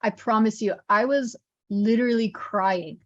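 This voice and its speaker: A woman's voice: on the high side, unhurried, no echo, dull audio. Chatty woman teaching over a video call. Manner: chatty, upbeat, many fillers. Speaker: Malayalam teacher. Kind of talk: casual online lesson talk.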